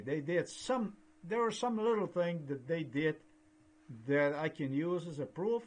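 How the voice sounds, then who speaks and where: Halting man. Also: a little high. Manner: halting, repetitive, earnest. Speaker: video blogger. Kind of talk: rambling vlog monologue.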